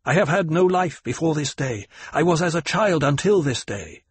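A man reading aloud voices an earnest, resolute young man who speaks with proud intensity in a husky voice. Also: fairly high pitch, lively intonation, normal speed, no room sound, pitched above the performer's own voice.

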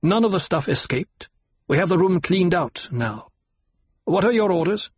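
A man's voice: high voice, lively intonation, normal speed, a little mellow, husky, no echo, pitched above the performer's own voice. A man voicing a deferential, dutiful guard corporal who speaks respectfully in an audiobook.

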